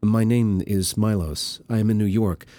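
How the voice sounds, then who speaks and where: A man voicing a flustered, earnest man on a phone call, speaking eagerly and haltingly, raised above his narrating voice. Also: on the low side, fairly even intonation, dark tone, dry recording, natural voice.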